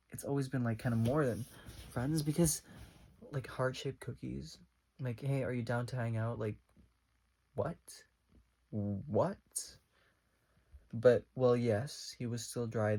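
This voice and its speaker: A young man vlogging a casual storytime, rambling and animated, with lots of fillers as he retells a conversation. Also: mid-range voice, vocal fry, breathy edge.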